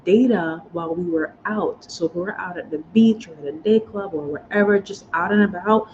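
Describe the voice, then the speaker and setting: Speaking briskly in a fairly low, slightly mellow voice, a woman vlogger tells y'all a personal, emotional story about moving abroad, choking up as she goes in her chatty style. The audio is slightly dull with a faint hiss behind it.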